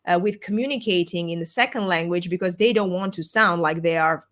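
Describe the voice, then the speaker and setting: A woman with a somewhat low voice hosts a podcast over a remote call. Her first language is Armenian, and she talks in an earnest, reflective way, often pausing to search for the right word. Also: a bit bright. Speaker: podcast host. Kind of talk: casual video-call conversation. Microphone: remote call microphone.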